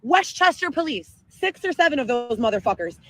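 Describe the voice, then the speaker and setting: A woman telling a long profane story in an excitable livestream rant. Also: high-pitched, a little fast, dry recording, poor audio. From Chicago area, Illinois. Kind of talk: ranting livestream monologue.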